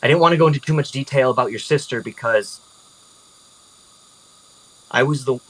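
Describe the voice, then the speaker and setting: A woman's voice: extremely low pitch, normal speed, rough recording. A man voicing a fiery, bitter young woman. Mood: apologetic. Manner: swears, swings between apology and anger.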